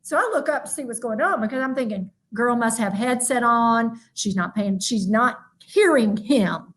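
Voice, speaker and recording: Lively woman motivational speaker. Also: fairly high pitch, normal speed. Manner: lively, emphatic, talks straight to the audience. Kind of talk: virtual keynote talk.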